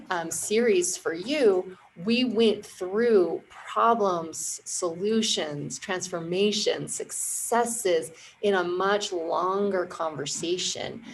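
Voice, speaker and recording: Low-voiced woman explaining marketing. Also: steady tone, takes it slowly, a little hiss or hum, low-quality recording. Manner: explains in clear, confident steps. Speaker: marketing agency founder, guest. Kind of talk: casual interview explanation.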